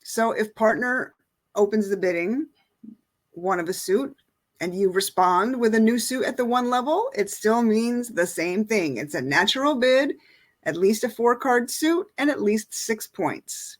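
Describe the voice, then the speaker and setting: A woman's voice: fairly high pitch, expressive, measured pace. A middle-aged woman teaching an online lesson, explaining in a casual way with many fillers. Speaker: bridge teacher.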